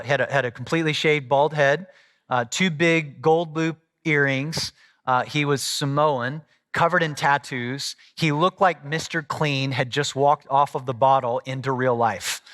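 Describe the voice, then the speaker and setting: A man's voice: medium pitch, fairly bright tone. A middle-aged man from Southwest Missouri, a pastor preaching a sermon in a conversational, storytelling way with asides. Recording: long hall reverb.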